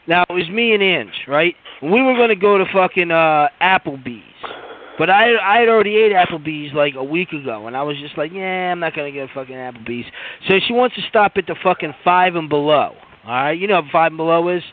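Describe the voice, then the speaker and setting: A man's voice: fairly high pitch, animated, brisk. A man telling a long, profane, rambling story on a podcast, full of fillers and restarts. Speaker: podcast co-host. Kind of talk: casual storytelling rant. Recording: tinny phone-like line.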